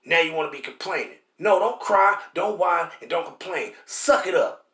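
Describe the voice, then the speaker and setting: High-voiced man preaching emphatically. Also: expressive, moderate pace, bright, forceful tone. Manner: emphatic and repetitive, keeps asking "See?"; stammers and restarts while hunting for words. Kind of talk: street-style scripture teaching. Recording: roomy echo.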